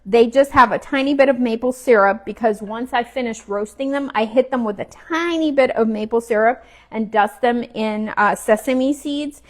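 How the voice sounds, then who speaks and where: A woman with a slightly high voice chats her way through a home cooking demo. She talks loosely and casually as she works, and sometimes she is chewing. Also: normal speed. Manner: chatty, relaxed, talks while cooking and chewing. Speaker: cooking vlogger. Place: home kitchen.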